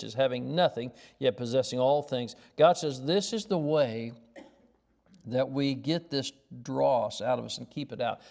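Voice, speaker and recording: A middle-aged man preaching a sermon as pastor, in a folksy storytelling way that moves from quiet asides to raised, emphatic lines. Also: medium pitch, vocal fry.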